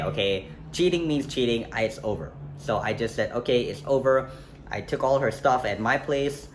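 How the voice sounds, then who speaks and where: Faint traffic and street noise accompany a young man of medium pitch speaking at normal speed. He recounts a personal story in a relaxed vlog, wandering off track, correcting himself, and filling gaps with lots of fillers.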